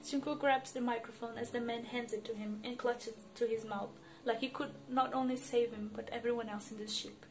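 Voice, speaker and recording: A woman's voice: fairly high pitch, steady tone, brisk, few pauses. A woman reading fan fiction aloud, narrating expressively with emotion. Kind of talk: dramatic story reading. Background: soft music.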